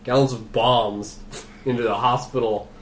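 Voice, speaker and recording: A man in casual podcast chat, talking animatedly with loose swearing and laughs breaking into his sentences. His voice sits at an ordinary pitch and carries a roomy echo, with faint noise behind it. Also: fairly even intonation, a little slow. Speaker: podcast co-host.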